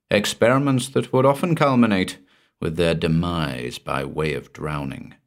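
Low-voiced male narrator for a weird tale, measured, sinks soft at dark moments. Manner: measured, dropping low and soft at ominous lines. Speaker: story narrator. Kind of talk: scripted narration of a spooky tale.

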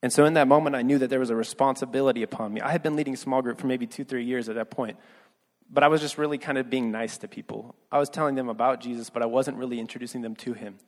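A young man preaching, telling a personal story with earnest, quiet delivery that rises for emphasis. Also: mid-range voice, fairly even intonation, fast. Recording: long hall reverb.

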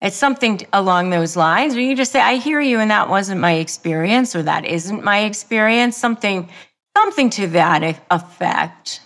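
A woman hosting a self-help podcast, talking straight to the listener in a deliberate way and repeating key phrases for emphasis. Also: mid-range voice, fairly bright tone. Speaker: podcast host. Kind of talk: self-help advice monologue.

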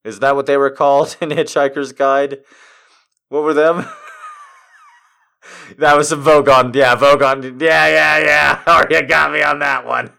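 A man's voice: a little high, little pitch movement, unhurried, creaky, long pauses, pushed and bright, clear, resonant tone. A man reading erotic poems aloud for comedy, breaking off to laugh and make incredulous asides. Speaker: comedic reader.

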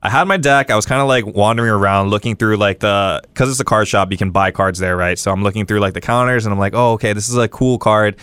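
A young man from Hawaii telling a story casually as a podcast guest, animated and full of fillers and quoted dialogue. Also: lowish voice, clean tone, dry recording. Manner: fast, animated, lots of fillers and acted-out quotes. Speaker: guest streamer.

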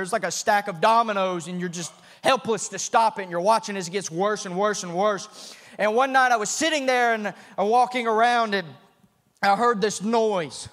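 A man, a missionary preacher, telling a story in a sermon, often repeating himself and building to shouted fervor. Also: high-pitched. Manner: repeats and restarts phrases. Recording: long hall reverb.

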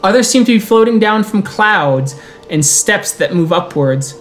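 A man running a tabletop role-playing game as storyteller, mixing unhurried scene narration with quick rules calls. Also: high voice, animated, faint music behind.

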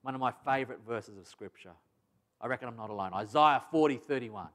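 A man's voice: medium pitch, fairly quick, a bit bright. A pastor preaching a sermon to his church, earnest and emphatic, repeating phrases for stress. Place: church service.

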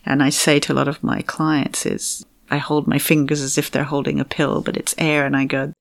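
A middle-aged woman, a fertility coach, telling her story candidly in an interview, animated and giggly, acting out her own past thoughts. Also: deep voice, a little fast, gravelly, few pauses.

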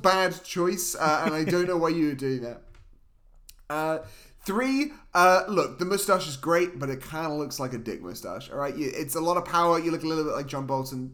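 Male podcast co-host, high voice, deadpan comic ranter. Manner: deadpan mock-serious ranting. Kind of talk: comedic film review chat.

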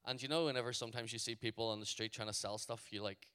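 A man with a Northern Irish accent, telling a story to a youth audience in an animated way, full of "like" fillers. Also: mid-range voice, fast, smooth. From Northern Ireland. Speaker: youth event speaker.

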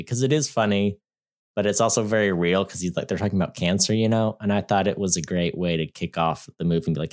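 A man with a slightly low voice talks through a movie in a loose, rambling way. He jokes and leans on fillers as he chats like a podcast host. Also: expressive, quick pace. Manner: rambling, chatty, joking, full of fillers. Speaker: movie reviewer. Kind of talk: casual podcast movie review.

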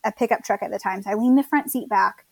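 A woman's voice: mid-range voice, fast, gravelly, a little mellow, dry recording. A young woman casually telling her birth story, chatty, quoting others and laughing at herself.

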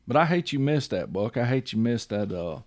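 A man with a medium-pitched, sing-song voice hosts a casual chat at a brisk clip, captured in a dry recording. He rambles, says things more than once, and keeps asking "you see what I'm saying."

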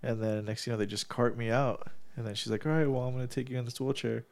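A man's voice: medium pitch, fairly even intonation, fast talker, gravelly. A man chatting casually on a podcast, swearing freely and laughing as he tells a story, with a congested nose after surgery. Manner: profane, storytelling, laughs often. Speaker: podcast co-host. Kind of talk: casual chat.

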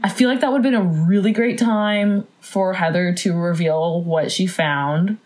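A woman co-hosting a casual podcast chat, animated, laughing often and acting out quotes. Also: fairly low pitch, a little slow, rough recording. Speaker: podcast co-host.

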